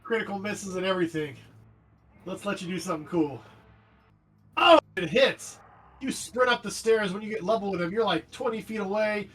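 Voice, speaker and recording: A man narrating a tabletop game as game master, animated and jokey, describing the action vividly. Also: high voice, fast talker. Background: faint background music.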